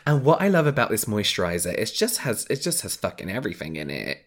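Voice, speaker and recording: A man's voice: fairly low pitch, huge pitch swings, fast. A man co-hosting a podcast, talking enthusiastically and casually, rattling off long lists with the odd swear. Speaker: podcast co-host. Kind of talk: casual chat.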